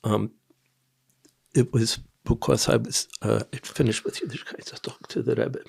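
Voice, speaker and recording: An older man from Tennessee, a podcast guest, telling personal stories in a rambling, halting way with quiet asides. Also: medium pitch, steady tone, creaky, breathy edge. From Nashville, Tennessee. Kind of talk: personal storytelling in an interview.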